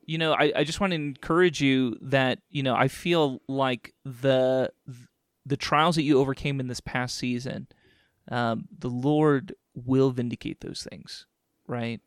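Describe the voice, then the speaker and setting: A man's voice: medium pitch, steady tone, measured pace, clear, resonant tone, dry recording, clean studio sound. A man hosting a casual interview, encouraging his guest, with lots of fillers like "you know". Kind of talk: casual chat.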